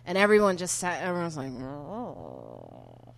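A woman comedian with a New York accent telling a story in casual chat, swinging from quiet asides to loud bursts. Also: medium pitch, a little fast. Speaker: comedian guest.

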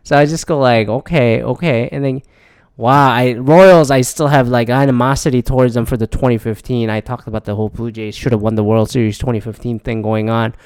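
Profane rambling man, smooth clear voice. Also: mid-range voice, steady tone, a little fast, darkish tone, no echo. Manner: profane, rambling, frequent restarts. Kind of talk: casual rambling monologue.

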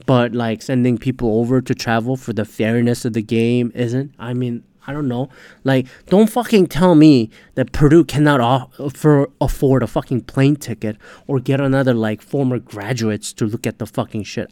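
A man's voice: mid-range voice, normal speed, mellow, no room sound. Profane, ranting man on a podcast. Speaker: podcast host. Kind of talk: casual podcast rant.

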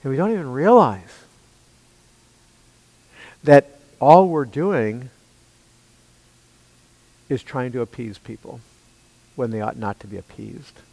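A man preaching a sermon in an emphatic way, asking his listeners rhetorical questions and swinging between loud and hushed passages. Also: medium pitch, slow, vocal fry, pauses often, poor audio.

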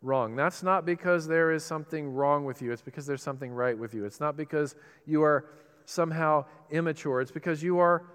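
A male pastor preaches with passion, his fairly high, resonant voice carrying through a large sanctuary with a long reverb tail. He pushes some lines out loud and drops others to a hush. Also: smooth. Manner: impassioned preaching, swinging between loud emphatic bursts and soft, slow lines. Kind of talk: sermon.

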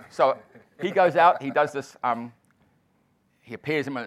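A man from New Zealand, a comedian, telling an anecdote on a panel in front of an audience, doing quick voices for the people in it. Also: medium pitch, fairly bright tone. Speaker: guest comedian and author. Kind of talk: storytelling on a panel. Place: venue with live audience.

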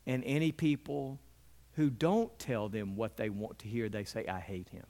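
A middle-aged man preaches a sermon earnestly and a little slowly. He occasionally takes on the voices of biblical characters in a lively pitch, and he lowers his voice to a quiet hush for emphasis.

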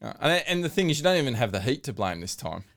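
A man chatting on a sports podcast, his voice sitting in an ordinary middle register. He retells stories with growing energy, getting louder and more worked up as he goes. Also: medium pitch, fast. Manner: animated storytelling, gets loud and excited retelling. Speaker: podcast co-host. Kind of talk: casual sports chat.

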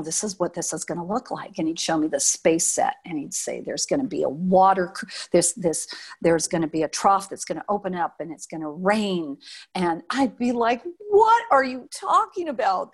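A husky, fairly low-pitched older woman from Nevada, once a showgirl, reminisces in an interview. She brings her tales to life by dramatizing quotes, though she often breaks off and restarts sentences.

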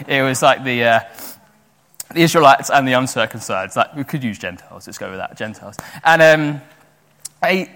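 A young man giving a sermon in a chatty, animated way, full of fillers and restarts. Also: mid-range voice. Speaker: preacher. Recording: echoey hall with long reverb.

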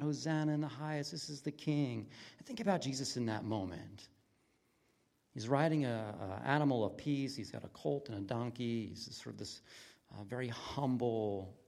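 An earnest male pastor talks his congregation through a story in a relaxed, conversational sermon. His voice sits at an ordinary middle pitch. He leans into lively emphasis and then drops to quiet, almost hushed stretches. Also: creaky. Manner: earnest, swings from loud excitement to near-whisper intimacy.

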